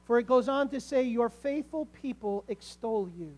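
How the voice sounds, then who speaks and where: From the pulpit, a pastor with a slightly mellow, high-pitched voice addresses his congregation. He slows down on crucial words to weigh them and climbs toward strong, emphatic calls.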